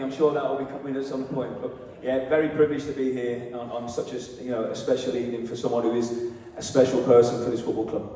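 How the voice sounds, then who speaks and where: A football head coach answering questions earnestly on stage, with many fillers and restarts. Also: male voice, medium pitch, fairly even intonation, fast, few pauses, darkish tone, a little hiss or hum. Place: large hall at a live event. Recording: echoey hall, mic from far off.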